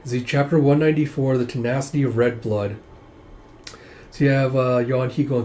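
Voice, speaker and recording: A man's voice: medium pitch, steady tone, normal speed, mellow, slight background noise. A man casually narrating a comic read-through, chatting loosely with many filler tags. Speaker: comic book reviewer.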